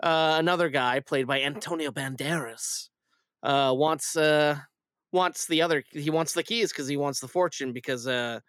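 Man, podcast host, casual movie chat, rambling, smooth clear voice, dry close mic. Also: on the high side, normal speed, a bit bright, no echo. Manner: rambling, many fillers and restarts. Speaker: film review podcast host. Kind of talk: casual film review chat.

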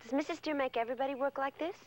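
A woman's voice: high voice, rapid-fire, slight background noise, voice pushed up, lightly acted, low-quality recording. A young woman speaking lines in a 1970s film clip. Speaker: film characters, teenage orphan girls.

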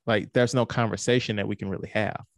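A man co-hosting a podcast, making points in a casual, swearing way with quick jokes. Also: lowish voice, steady tone, dry recording, clean studio sound. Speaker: podcast co-host. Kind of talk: casual chat.

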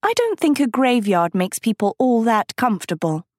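A woman voices a bright teenage girl, high-pitched and eager, in a storybook reading. The voice sounds earnest and proud. Its lines swing widely. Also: big pitch swings, moderate pace, no room sound, studio quality.

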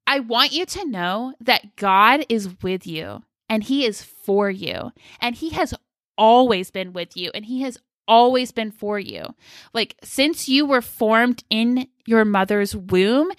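A woman's voice: a little high, a bit bright, no echo. A young woman speaking casually and earnestly, telling a personal story and encouraging listeners in their faith, with many filler likes. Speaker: Christian devotional speaker.

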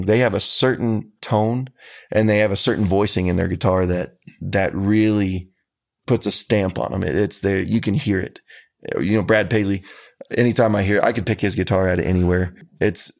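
A man, a country musician, answering interview questions about his music in an earnest, folksy, measured way. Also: low-pitched, darkish tone.

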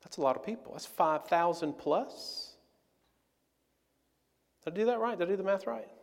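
A man preaching a sermon in a conversational, animated way. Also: sits high, normal speed, gravelly, big-room sound. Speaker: pastor.

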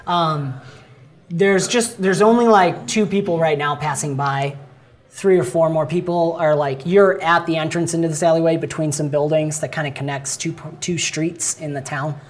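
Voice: mid-range voice, moderate pace, slight background noise. A game master narrating a tabletop game in a casual, chatty way. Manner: casual, chatty, many fillers and restarts.

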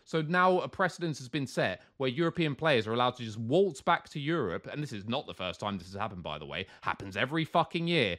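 A man's voice: mid-range voice, a little fast, few pauses. A man on a podcast, ranting heatedly, swearing and mimicking other people's voices. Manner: animated, swearing, mock-quoting others in put-on voices. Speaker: co-host. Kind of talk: heated casual podcast rant.

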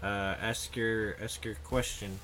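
A man running a tabletop game as game master, soft-spoken and hesitant, restarting his words. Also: fairly low pitch, fairly even intonation, slow pace, a little hiss or hum.

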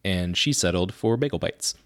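A father who co-hosts a podcast chats casually in a low, deep voice, telling energetic stories and often laughing at his own tales. He's animated, a bit bright, and speaks at a moderate pace.

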